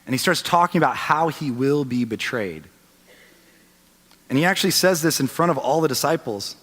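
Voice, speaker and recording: A man in his thirties preaching a sermon as a pastor, telling the story and swinging from loud to hushed. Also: a little high, lively intonation, normal speed. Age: 30s. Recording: long reverb of a large hall.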